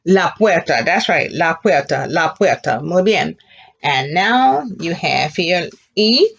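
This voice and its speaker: Female teacher, lowish voice, slow and patient, encouraging young learners; muffled lo-fi recording. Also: sing-song, gravelly. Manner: patient, encouraging, models words slowly for children to repeat. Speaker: Spanish teacher. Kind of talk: elementary Spanish lesson.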